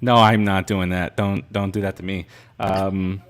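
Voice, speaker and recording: A man's voice: low voice, little pitch movement, unhurried. A man hosting a casual talk show, speaking in an easygoing, teasing way with frequent stammered restarts. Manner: laid-back, teasing banter with stammered restarts. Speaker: podcast host. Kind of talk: casual chat.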